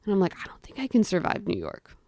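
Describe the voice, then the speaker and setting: A woman's voice: lowish voice, fast, dry recording. A young woman, a guest telling a story, who talks casually with lots of "like" and acts out what people said. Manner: animated, acts out quotes of herself and others; chatty, frequent "like" fillers.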